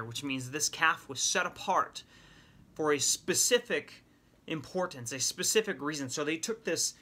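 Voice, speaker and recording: A middle-aged man gives a sermon teaching with a bright, forceful edge to his voice. He retells a scripture story in lively paraphrase, acting out what the characters say, in a somewhat high register. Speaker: men's ministry teacher.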